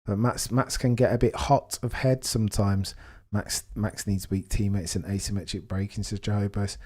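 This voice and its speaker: A young man hosting a live race watchalong, commentating casually and reacting with excitement. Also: lowish voice, moderate pace. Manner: excitable, exclaims and gasps at on-track action.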